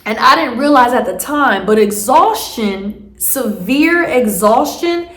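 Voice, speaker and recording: A woman's voice: fairly high pitch, lively intonation, takes it slowly, a bit bright, roomy sound. A woman vlogger telling a story casually, rambling with many fillers and restarts.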